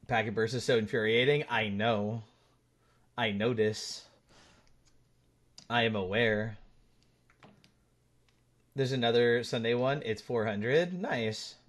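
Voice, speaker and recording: A man's voice: mid-range voice, takes it slowly, pauses often, a bit bright. A male game streamer chatting casually while playing, thanking viewers and teasing his friends. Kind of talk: casual live-stream chat while gaming.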